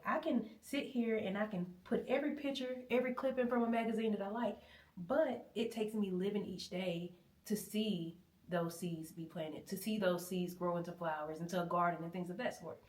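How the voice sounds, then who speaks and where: A woman's voice: medium pitch, distant mic. A woman, hosting a vlog in a chatty, playful way and laughing often. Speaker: vlog host. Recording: roomy, from off the mic.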